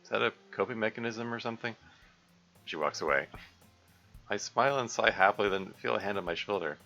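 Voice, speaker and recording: A man's voice: on the low side, fairly quick, gravelly, pushed and bright, lo-fi sound, faint music behind. Chuckling male streamer commenting on a game. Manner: chuckling and self-interrupting. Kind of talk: live-stream playthrough commentary.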